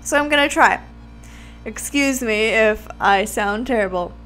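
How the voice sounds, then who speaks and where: A woman's voice: fairly high pitch, unhurried, fairly bright tone, soft background music. A young woman hosting a game playthrough, reading aloud and commenting in a chatty, self-deprecating way, often tripping over words. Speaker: let's play host.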